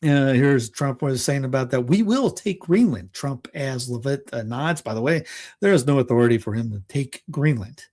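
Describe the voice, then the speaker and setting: A man's voice: mid-range voice, fairly even intonation, normal speed, darkish tone. A man hosting a casual political news rundown, reading headlines aloud and breaking off into sarcastic asides with small chuckles and restarts. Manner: frequent restarts and filler words. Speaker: political commentary host.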